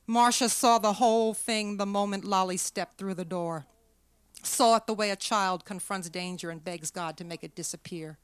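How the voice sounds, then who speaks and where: A woman reading her own fiction aloud at a literary event in a measured, expressive way. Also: mid-range voice, clean tone, no echo. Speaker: author reading her work.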